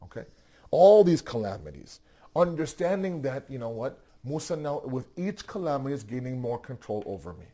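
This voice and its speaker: Husky, dark-voiced man telling a sermon story. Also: medium pitch, a little fast, hardly any pauses. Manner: animated, with rhetorical questions and frequent restarts. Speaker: religious teacher.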